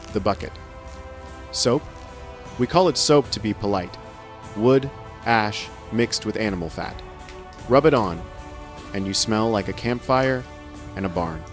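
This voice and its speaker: A man giving scripted first-person narration with a wry, sardonic humor. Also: lowish voice.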